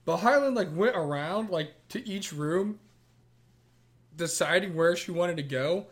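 A man co-hosting a casual chat, retelling a TV episode with lively acted-out quotes. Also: high-pitched, unhurried. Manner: animated retelling, acts out quotes in a raised voice. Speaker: podcast co-host. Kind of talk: casual chat recapping a TV show.

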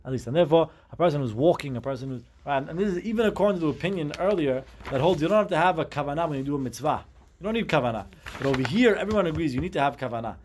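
A man's voice: on the high side, expressive, very fast, darkish tone, a little hiss or hum. Man teaching Talmud, Hebrew terms mixed in. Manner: explains step by step, mixing Hebrew terms into English. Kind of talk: Talmud class.

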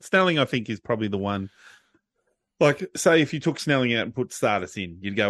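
A man co-hosting a casual football podcast, swinging up in pitch when he retells a story. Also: a little fast, no echo, clean studio sound. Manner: animated, jumps in pitch when retelling stories. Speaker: podcast co-host. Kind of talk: casual sports chat.

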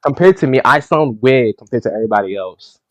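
A man's voice: medium pitch, lively intonation, quick pace, dry recording, dull audio. A man co-hosting a casual chat show, talking bluntly and jokingly. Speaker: podcast co-host.

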